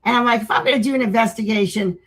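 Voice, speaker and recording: Older woman guest, husky, rambling storyteller with lots of restarts. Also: on the high side, steady tone, very fast, a bit bright, poor audio. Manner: rambling, with many restarts and acted-out quotes. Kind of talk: casual interview storytelling.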